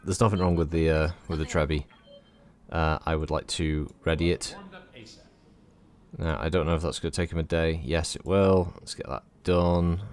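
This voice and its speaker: A man's voice: a bass voice, steady tone, normal speed. A man giving casual, rambling commentary as he streams a game, swearing freely.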